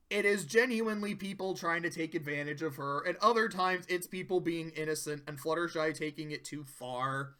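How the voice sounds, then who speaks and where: A bright, forceful voice runs through a loose, swearing commentary on cartoon episodes. The reviewer talks casually and slips into quick impressions when quoting scenes. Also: mid-range voice. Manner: profane, chatty, acts out quoted lines.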